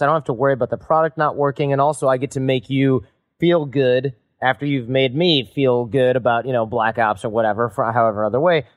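Conversational male podcast host. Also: mid-range voice. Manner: conversational, asks questions, jokes. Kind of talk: podcast interview.

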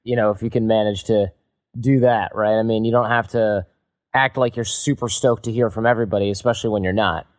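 A man's voice: fairly low pitch, fairly even intonation, brisk. Conversational male podcast host. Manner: conversational, asks questions, jokes. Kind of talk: podcast interview.

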